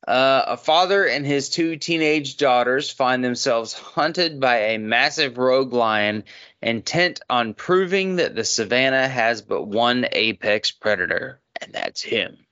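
A man hosting a casual movie podcast, reading out film facts slowly and swearing offhandedly. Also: medium pitch, expressive, bright, forceful tone, clear, resonant tone, muffled recording. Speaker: podcast host.

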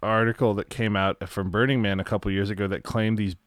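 A man's voice: fairly low pitch, steady tone, a little fast, dry recording, clean studio sound. A young man hosting a casual podcast, rambling and joking with many restarts. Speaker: podcast host.

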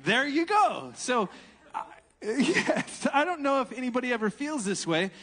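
A man in his thirties preaching from the pulpit in a light, high voice, telling a story and poking fun at himself with frequent laughs. The sound rings with a long reverb from the church hall around him. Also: sing-song, measured pace, sharp tone. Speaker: pastor. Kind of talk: sermon.

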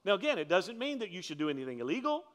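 A man preaching to his congregation with a voice that sits a little on the high side. He tells stories in a relaxed, chatty way, then pushes up in pitch and force when he drives a point home. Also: very fast. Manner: animated storytelling, climbs in pitch and force for emphasis; conversational, humorous asides to the congregation. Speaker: pastor. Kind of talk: sermon.

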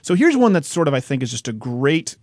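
A man hosting a casual talk-show interview, asking quick questions and joking between them. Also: mid-range voice, sing-song, a little mellow, dry recording, clean studio sound.

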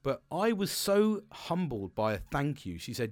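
A man's voice: a little high, big pitch swings, measured pace, darkish tone, dry recording. Sweary, rambling man. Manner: rambling, swears freely, frequent laughs. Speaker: podcast host. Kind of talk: casual motivational monologue.

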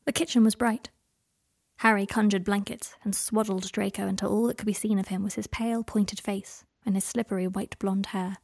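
A woman softly reading a romance story aloud in a hushed, narrating voice. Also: medium pitch, steady tone, moderate pace, vocal fry. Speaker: reader. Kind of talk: fan fiction audiobook reading.

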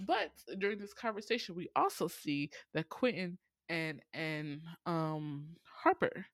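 A woman giving a casual movie recap, animated and profane, laughing often. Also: low voice, no echo.

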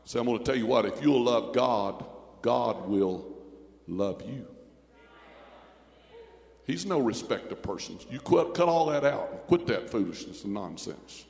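A man's voice: medium pitch, lively intonation, a little slow, creaky, long pauses. Fervent preacher man in echoey church. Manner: fervent preaching that climbs to shouts. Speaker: pastor. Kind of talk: sermon.

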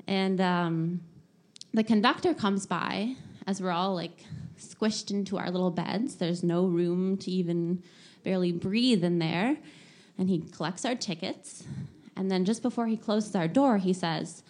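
Young adult woman, casual storyteller, animated, laughs often, chatty filler-heavy delivery. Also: medium pitch, unhurried.

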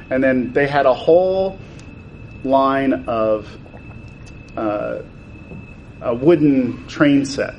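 Animated man telling stories. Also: mid-range voice, a little hiss or hum, rough recording. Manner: acts out quoted exchanges with voice changes. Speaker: toy designer guest. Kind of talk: animated storytelling in conversation.

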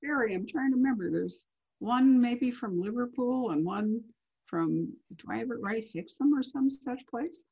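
A woman's voice: a little high, normal speed, darkish tone, lo-fi sound. A woman interviewing an author, chatty and enthusiastic in a casual conversation.

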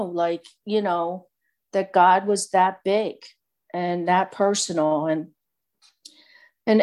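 A woman's voice: medium pitch, darkish tone. A middle-aged woman giving a candid, rambling personal testimony full of fillers. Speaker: speaker sharing recovery story.

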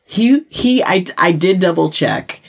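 A woman co-hosting a podcast, chatting casually about a TV episode in animated, rambling explanations. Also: lowish voice, measured pace, creaky. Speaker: podcast co-host. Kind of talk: casual episode recap chat.

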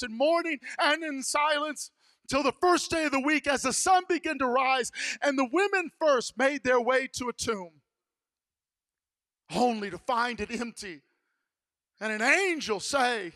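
A male pastor with a very high, bright voice preaches in a church sanctuary. He tells the story dramatically, dropping to a hush and then rising to a shout. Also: a little slow. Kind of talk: sermon.

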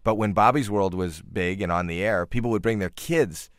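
A man with a lowish, smooth and resonant voice, talking as an interview guest. He tells anecdotes in an animated way, quoting people in quick bursts. The sound is dry and close. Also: no echo. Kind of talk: casual interview chat.

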